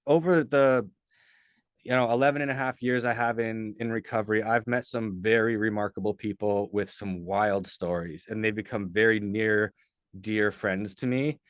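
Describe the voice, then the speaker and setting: Low, smooth-voiced man telling a story. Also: steady tone, moderate pace, dry recording. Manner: earnest, rambling storyteller with many fillers. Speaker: podcast guest. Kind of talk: casual storytelling in a podcast interview.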